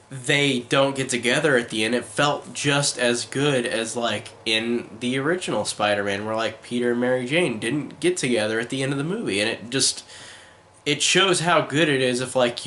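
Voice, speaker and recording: A man's voice: medium pitch, pushed and bright, slight background noise. A man giving a casual spoken film review, enthusiastic and rambling, with many fillers like "like" and "um".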